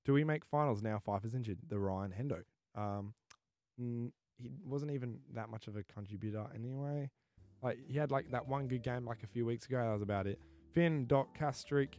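A man's voice: mid-range voice, fairly quick, darkish tone, dry recording. A young man, co-hosting a casual podcast and reading out fan comments with frequent laughs. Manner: laughs often, reads out names and comments. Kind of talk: casual chat.

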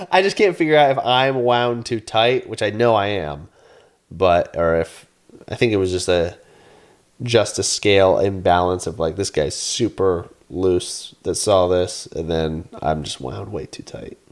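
A man in his thirties, a podcast co-host, telling an animated story in casual chat, swearing and acting out his own yelling. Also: sits low, measured pace.

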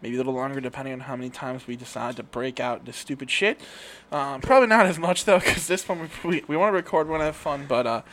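A man's voice: mid-range voice, fast, fairly bright tone. A man co-hosting a podcast in a casual, rambling chat, often laughing and restarting his sentences with fillers. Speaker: podcast co-host.

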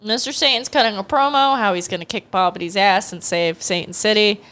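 A young woman hosting a comedy podcast, recapping an anime with animated storytelling, quick character impressions and swearing. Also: mid-range voice.

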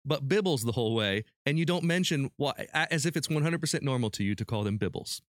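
A man's voice: mid-range voice, animated, no echo, clean studio sound. A man hosting a podcast, playfully reading out quiz questions and prizes to his guests. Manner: playful quizmaster, reads questions slowly. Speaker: podcast host running a quiz. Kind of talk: casual podcast chat.

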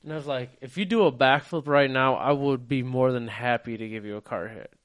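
Animated man telling a funny story. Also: medium pitch, a little fast. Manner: animated storyteller, acts out quotes, swears freely. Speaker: podcast co-host. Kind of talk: casual storytelling chat.

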